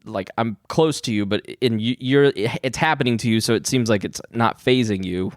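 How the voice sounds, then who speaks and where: A man co-hosting a comedy podcast, asking halting questions with frequent restarts. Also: mid-range voice, no echo, studio quality. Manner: hesitant, restarting questions, easy laughter. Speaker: podcast co-host. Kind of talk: casual comedic chat.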